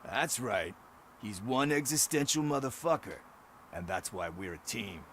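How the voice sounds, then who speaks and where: A man's voice: mid-range voice, lively intonation, unhurried, fairly bright tone. An actor playing a wry, sarcastic male police partner in a video game. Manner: dry, sarcastic banter.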